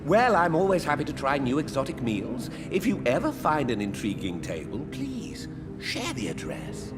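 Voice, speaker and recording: A relishing gourmand shopkeeper. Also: male voice, medium pitch, huge pitch swings, normal speed, over loud music. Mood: genial. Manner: genial, relishing, theatrical. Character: jovial male gourmand shopkeeper, oddly cheerful.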